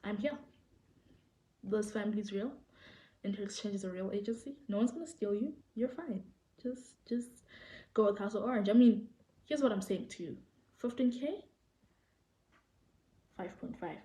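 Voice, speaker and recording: A young South African woman with a South African accent, telling a story to the camera in an animated, excitable way and acting out what people said. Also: mid-range voice, normal speed, pauses often. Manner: animated, excitable storytelling, acts out quoted people, repeats phrases. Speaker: vlogger. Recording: echoey room.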